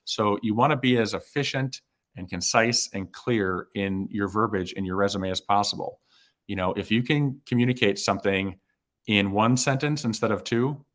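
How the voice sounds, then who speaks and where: A man with a somewhat low voice gives career advice on a live stream. He talks casually, with many fillers, restarts and repeated words. He is close to the mic. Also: fairly bright tone. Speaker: hiring manager and career coach.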